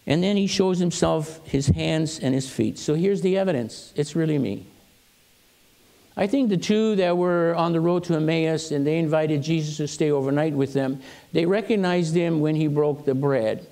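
Older pastor with a gravelly voice. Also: male voice, on the high side, moderate pace, dark tone. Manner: conversational storytelling, acts out quoted voices. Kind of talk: sermon with personal stories. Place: church.

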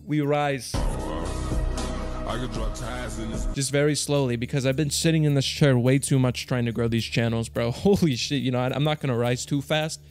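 A young man talks fast and loose over his gambling session, swearing freely and swinging from low grumbles to sudden excited yells. His voice sits at an ordinary middle pitch, and faint music plays quietly behind him. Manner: excitable, profane, jumps to loud yells. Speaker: slots streamer. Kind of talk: hyped gambling commentary.

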